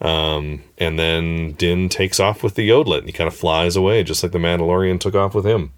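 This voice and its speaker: A man's voice: sits low, fairly quick. A man in casual podcast chat, talking enthusiastically with lots of fillers and restarts. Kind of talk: casual chat recapping a TV episode.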